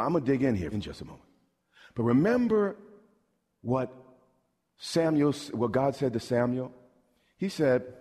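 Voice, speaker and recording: Man, pastor, emphatic sermon, husky voice, lively pitch, long reverb. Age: middle-aged. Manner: emphatic, asks the congregation questions.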